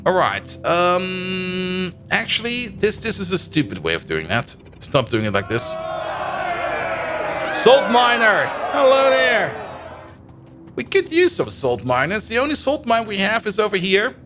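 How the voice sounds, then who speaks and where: A man's voice: high voice, huge pitch swings, unhurried, pushed and bright, faint music behind, a faint crowd. A man streaming a game live, chatting and thinking aloud as he plays and laughing often. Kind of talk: live stream commentary while playing.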